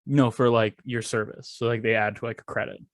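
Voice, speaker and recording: Animated, swearing young man telling a story. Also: mid-range voice, a little fast, dry recording. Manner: animated, profane, acts out quoted voices. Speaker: podcast co-host. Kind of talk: casual storytelling chat.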